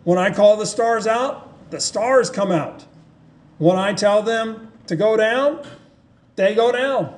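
A man's voice: high voice, slow pace. A man preaching a sermon, reading and retelling scripture with emphasis. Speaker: pastor.

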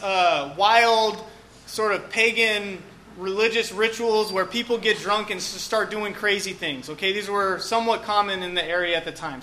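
A man's voice: high voice, sharp tone, a little hiss or hum. A man preaching a sermon in a casual, joking way, often saying "okay" and "um". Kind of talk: conversational sermon.

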